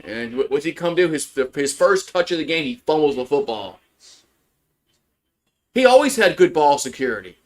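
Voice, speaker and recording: A man's voice: on the high side, very animated, moderate pace, pauses often. A man doing casual live play-by-play of a football game as a fan streamer, frustrated, swearing and repeating himself.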